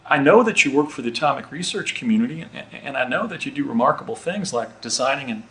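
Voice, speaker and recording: A man's voice: mid-range voice, lively intonation, quick pace, bright, forceful tone, a little hiss or hum, poor audio. A man doing an impression of a young, folksy man who is amazed at his own future, speaking in a drawl.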